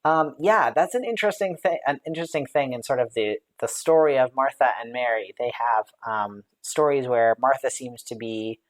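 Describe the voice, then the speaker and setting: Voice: mid-range voice, normal speed, hardly any pauses. A Bible study leader on a live stream, thinking aloud with lots of fillers and light laughs, and answering viewer comments as they come in. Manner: reads out viewer comments and responds to them.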